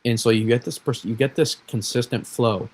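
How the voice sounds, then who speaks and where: A man's voice: mid-range voice, fairly even intonation, moderate pace, darkish tone, breathy edge, rough recording. A man from New England hosting a weather livestream, rambling and self-correcting in casual chat.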